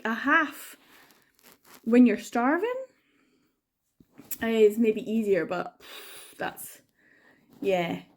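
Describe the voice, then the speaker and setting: A woman's voice: mid-range voice, a little mellow. A young woman vlogging about her reading in casual chat, rambling and chatty, with many fillers and giggles.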